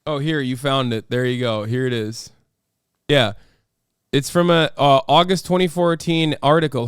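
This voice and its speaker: A man's voice: fairly high pitch, unhurried, smooth, no echo, studio quality. A man hosting a stream, giving casual political commentary in a heated, profane way. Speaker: streamer host.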